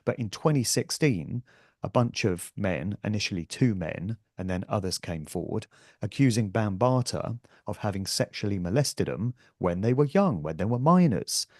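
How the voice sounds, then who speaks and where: A man's voice: lowish voice, expressive, moderate pace, a little mellow, no room sound, clean studio sound. A male guest on a talk show, holding forth emphatically and scornfully in casual conversation. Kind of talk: casual chat.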